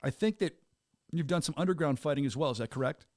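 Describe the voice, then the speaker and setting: Fast-talking energetic male podcast host. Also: fairly high pitch, no room sound. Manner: energetic, rambling hype-man patter with restarts. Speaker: podcast host and venue announcer. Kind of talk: casual interview chat.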